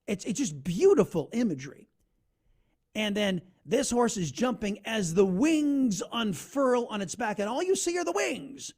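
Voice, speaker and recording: A man hosting a talk radio show, telling a story in an animated monologue. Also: high-pitched, a little slow. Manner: animated storytelling, narrates an ad over its soundtrack.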